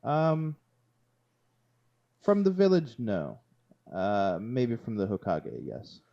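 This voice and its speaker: A man playing an earnest, independent young male ninja in a tabletop game, talking in halting, rambling sentences. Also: medium pitch, wildly swooping pitch, creaky, dark tone, pitched above the performer's own voice, heavily acted. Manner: rambling, halting, with many restarts. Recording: slightly dull lo-fi audio.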